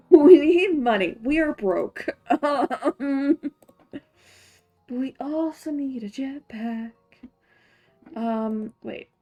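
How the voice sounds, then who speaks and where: Brief: young woman streamer faking a Scottish accent, higher voice, unhurried and giggly, faint game music behind. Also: mellow. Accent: put-on Scottish accent. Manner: giggly, chatty, muttering to herself while playing. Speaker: streamer playing a farming game. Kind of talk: casual gameplay chat.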